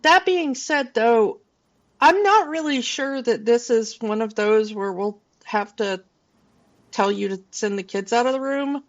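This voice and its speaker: A woman's voice: fairly high pitch, unhurried, muffled recording. A woman in her forties, co-hosting a casual film podcast and rambling loosely with plenty of fillers and restarts. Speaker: podcast co-host.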